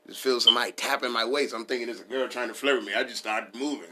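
A man's voice: mid-range voice, steady tone, quick pace, hardly any pauses, pushed and bright. A man riffing in a casual comedic style, rambling and profane, laughing at his own jokes.

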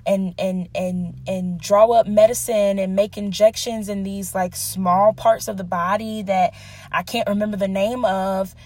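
A woman's voice: medium pitch, steady tone, unhurried, darkish tone, dry recording. A young woman giving an earnest, conversational devotional teaching, telling personal stories and laughing at herself now and then. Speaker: Bible teacher.

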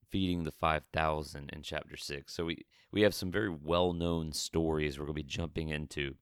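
Man preaching, very deep voice, smooth and clear, dry close sound, conversational, stumbles and restarts. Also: dry recording. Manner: conversational, with frequent restarts and stammered repeats. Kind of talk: sermon-style Bible teaching.

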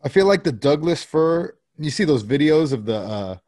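A man, probably in his thirties, rambles through a profane story about his kids in casual chat, quoting dialogue along the way. His slightly high voice has a darkish tone and lively intonation at normal speed, captured cleanly in a studio with no room sound.

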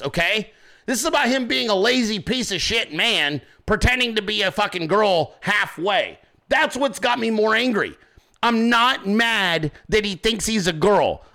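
A man's voice: high voice, bright, forceful tone. A man delivering a crude, heated, sarcastic ranting monologue as a commentator. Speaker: political commentator.

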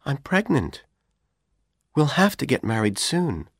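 Man doing a frightened young college woman, high raised voice, pleading and tearful, dry close audiobook sound. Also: very animated, measured pace, husky, no room sound, heavily acted. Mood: desperate. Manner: pleading, tearful, rising to shouts.

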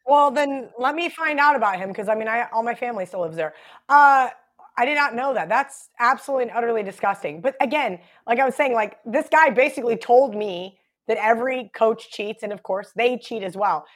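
A woman's voice: fairly high pitch, expressive, fairly quick. A woman in her thirties, a podcast guest, telling a long story in casual chat, full of "like" and "right?". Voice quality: chatty, lots of "like" and "right?".

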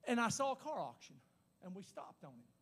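A man preaching a sermon, emphatic and repetitive, rising to shouts at times. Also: high-pitched, big pitch swings, a little hiss or hum. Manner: pauses to speak in tongues.

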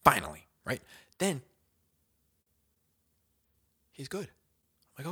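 A young man hosting his own podcast, telling a casual story in a slangy, animated way, dropping to whispers and jumping to shouts as he acts it out. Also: fairly low pitch, normal speed, breathy edge. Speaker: podcast host.

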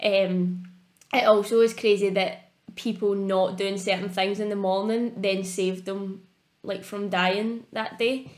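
A woman's voice: mid-range voice, fairly even intonation, measured pace, darkish tone. A young Scottish woman co-hosting a podcast, chatting casually and laughing at herself. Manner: giggly, self-deprecating, chatty. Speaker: podcast co-host. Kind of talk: casual chat. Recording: echoey room.

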